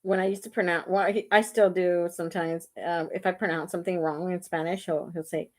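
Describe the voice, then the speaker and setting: Speaking briskly in a lowish, darkish voice with fairly even intonation, this woman hosts a makeup livestream. Her tone is casual and full of laughter as she addresses viewers directly, checking in with "right?" and "okay?"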